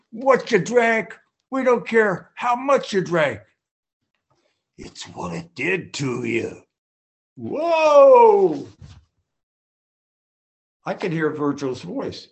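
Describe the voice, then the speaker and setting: A man's voice: medium pitch, slightly rough. An older man sharing his personal recovery story at a group meeting, folksy and full of restarts and acted-out quotes.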